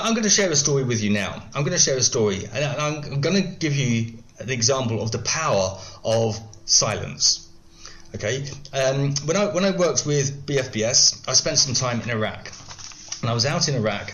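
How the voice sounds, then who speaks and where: Man, middle-aged, mid-pitched voice, explanatory, stop-start podcast talk. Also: a bit bright. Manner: explanatory, gives examples, frequent restarts. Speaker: guest, video coach.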